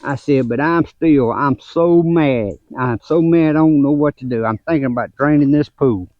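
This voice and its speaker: On a relaxed gardening vlog filmed in his garden, an older man spins folksy tales about his grandchildren at a moderate pace, chuckling between them and lifting his pitch as each story unfolds. The sound is dry and lo-fi.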